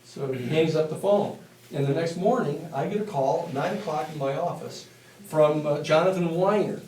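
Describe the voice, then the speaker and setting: A man lecturing a university class, telling stories in a blunt, animated and profane way. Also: on the high side, a little hiss or hum. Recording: echoey classroom from a distance.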